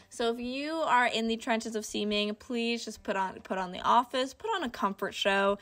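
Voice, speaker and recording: A woman's voice: fairly high pitch, sharp tone. A young woman chatting casually through a crochet tutorial, upbeat and full of slang. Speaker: crochet video host.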